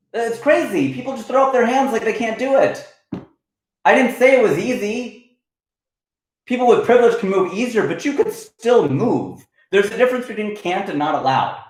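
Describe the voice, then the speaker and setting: A man's voice: high voice, very echoey, poor audio. A man from Ohio hosting a comedy livestream, arguing animatedly and answering chat comments. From United States, Ohio. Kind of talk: casual livestream rant.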